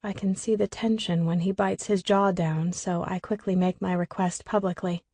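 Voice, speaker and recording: A woman reading a first-person audiobook in an even, expressive storytelling voice. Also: fairly low pitch, moderate pace, hardly any pauses, husky, no echo. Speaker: audiobook narrator.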